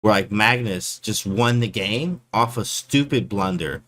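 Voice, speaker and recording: A man casually breaking down his chess game for his stream chat, slangy and animated, often calling people bro. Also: lowish voice, measured pace.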